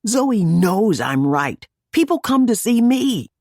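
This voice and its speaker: A woman's voice: mid-range voice, very animated, takes it slowly, a little mellow, no room sound, studio quality, pitched above the performer's own voice, full character voice. A woman voicing a stubborn, boastful young boy who sings in a band. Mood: insistent. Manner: boastful and defensive. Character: confident boy singer, cocky, stubborn.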